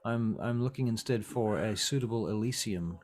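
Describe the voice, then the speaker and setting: A man with a fairly low voice narrates a tabletop game as its game master. He paints each scene at an easy pace, often pausing on an um while he finds the next detail. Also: a little mellow.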